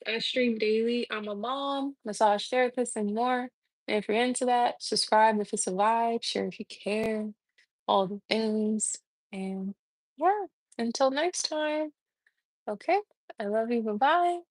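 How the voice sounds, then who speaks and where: A woman's voice: a little high, a little slow, no echo. A young adult woman hosting a casual morning live stream from her kitchen, chatty and laughing as she tells stories while eating. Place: home kitchen. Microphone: phone mic.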